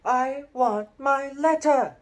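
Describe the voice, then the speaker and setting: A man's voice: extremely high pitch, wildly swooping pitch, a little slow, pitched above the performer's own voice, heavily acted. A man reading a storybook aloud and voicing a defiant eleven-year-old boy in a raised, insistent tone.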